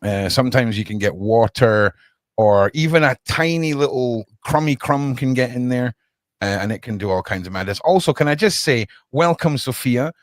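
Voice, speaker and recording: A man's voice: mid-range voice, animated, moderate pace, dry recording, studio quality. A man hosting a casual livestream podcast from his home desk, rambling and chatting with viewers by name.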